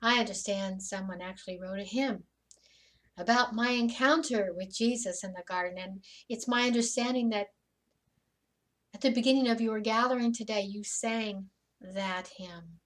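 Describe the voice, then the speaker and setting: A woman in a church service playing a joyful, grieving disciple who has just seen her risen teacher, telling it in first person with stammering repeats and soft whispers. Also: mid-range voice, normal speed, lightly acted. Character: Mary Magdalene, woman disciple, joyful witness. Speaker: dramatic monologue in a church service. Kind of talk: first-person sermon monologue. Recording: voice from some distance off the mic.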